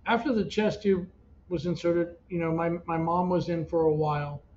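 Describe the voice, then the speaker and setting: A man's voice: fairly high pitch, steady tone, moderate pace, a little mellow. A man telling the story of his family's hard times as a parent of a child with cancer, in an earnest, emotional way that often stops and restarts. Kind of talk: personal storytelling podcast. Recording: dull lo-fi audio with faint hiss.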